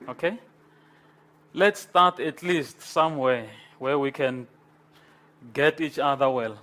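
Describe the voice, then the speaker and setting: Man, lecturer, slow and repetitive, quizzes the room, slightly high voice. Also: fairly bright tone. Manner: slow, repetitive, switches between English and Afrikaans, asks the class questions. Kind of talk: university lecture.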